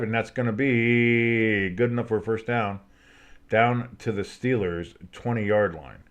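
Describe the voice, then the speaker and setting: A sleepy man with a somewhat low voice calls football play-by-play on his live stream. He yawns and drifts into rambling asides between the plays, then perks up for the big moments. His delivery is casual and loose. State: tired and sleepy, yawning. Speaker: play-by-play streamer and show host. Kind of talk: live play-by-play commentary with reactions.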